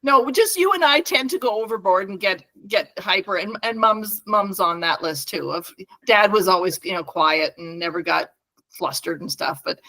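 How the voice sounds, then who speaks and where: A woman's voice: medium pitch, moderate pace, pushed and bright. A middle-aged woman co-hosting a podcast, rambling through family stories in casual chat and laughing often. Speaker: podcast co-host.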